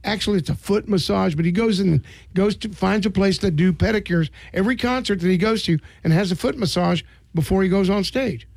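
A man hosting a radio interview in a studio, talking quickly and teasing his guests in a joking way. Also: high voice, vocal fry, darkish tone, no echo. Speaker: radio host.

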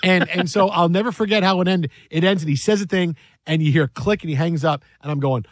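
A man hosting a sports talk show, telling a story in an animated way and acting out the voices of the people in it. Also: on the high side, quick pace, few pauses, dry recording.

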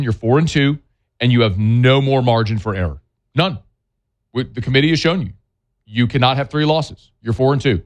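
A man's voice: mid-range voice, muffled recording. A man hosting a sports talk show, giving blunt, scolding opinions in a plainspoken way. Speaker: sports talk radio host.

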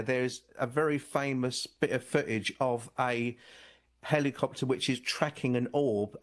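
A man, an author guest on a radio talk show, telling stories in a rambling way with frequent restarts. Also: mid-range voice. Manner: rambling, repeats and restarts often. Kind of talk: radio interview storytelling.

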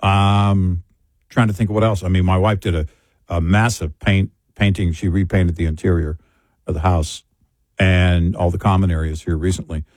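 A man's voice: low voice, level tone, moderate pace, a little mellow, no room sound. An older man co-hosting a talk show, chatting casually and rambling with frequent restarts. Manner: rambling, self-correcting, chatty.

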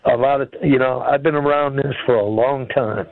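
A man's voice: medium pitch, fairly even intonation, normal speed, gravelly, no echo. Older caller, man, folksy and blunt, heard over a tinny phone line. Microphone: telephone.

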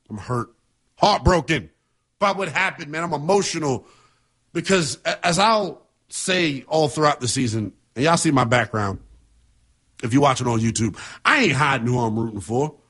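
Sports talk host, male, husky voice, emphatic and heated. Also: fairly high pitch, a bit bright. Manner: passionate, emphatic, conversational.

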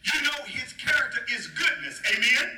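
Man preaching, lively swooping pitch, playful call-and-response, faint noise, church echo. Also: moderate pace. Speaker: pastor. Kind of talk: sermon. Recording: echoey room, faint noise.

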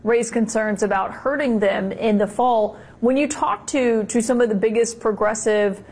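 A female news anchor with a fairly high voice, played as a clip on the show. She puts a long question to a reporter in a slightly halting, probing way. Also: a little mellow. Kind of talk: news interview.

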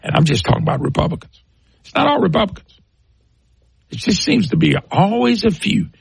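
A man's voice: high voice, big pitch swings, a little fast, creaky, breathy edge, no room sound. A middle-aged man hosting a political talk radio show, ranting scornfully and firing off rhetorical questions.

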